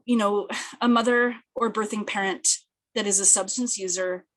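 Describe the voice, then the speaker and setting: A speaker, giving an earnest, thoughtful webinar presentation over a video call, slightly hoarse and often restarting phrases. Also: female voice, medium pitch, fairly bright tone. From British Columbia, Canada. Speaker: peer project coordinator and presenter. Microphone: video call, camera off.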